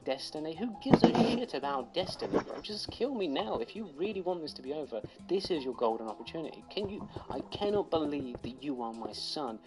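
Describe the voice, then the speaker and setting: A woman's voice: low voice, animated, brisk, hardly any pauses. Scornful older male tyrant, as a woman plays him, music behind. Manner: scornful, blustering. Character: arrogant ruthless older male fire tyrant.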